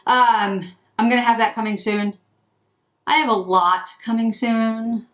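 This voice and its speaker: A woman's voice: a little high, fairly bright tone. A woman beauty vlogger chatting casually to camera while doing her makeup, rambling and breaking off mid-sentence. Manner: chatty, rambling, self-interrupting.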